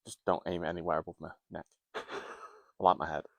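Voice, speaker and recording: Gravelly deadpan skeptic man. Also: low-pitched, fast, no echo, highs cut off. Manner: dry deadpan one-liners. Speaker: skeptical co-investigator holding the camera. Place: cold canal tunnel outdoors at night. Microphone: camera he is holding.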